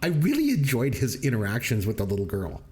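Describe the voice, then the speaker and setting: A man's voice: medium pitch, huge pitch swings, fast, darkish tone, slight background noise. A man co-hosting a movie review podcast, retelling scenes in a casual chat and laughing often as he goes. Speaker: podcast co-host.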